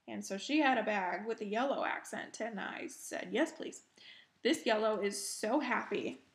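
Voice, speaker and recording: A woman hosting a cross-stitch video, chatting casually while she shows off her crafts, chatty and self-deprecating, with soft laughs. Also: fairly high pitch. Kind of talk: casual show-and-tell chat.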